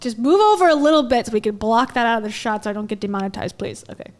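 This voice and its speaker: Higher-voiced woman, casual reaction host, skeptical and chatty. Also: animated, fast talker. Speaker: commentary host.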